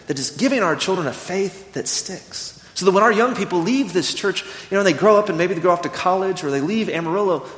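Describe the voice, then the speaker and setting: A man in his thirties preaching a sermon, earnest and storytelling, slowing down when he reads scripture. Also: on the high side. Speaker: pastor. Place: church sanctuary. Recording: echoey church hall.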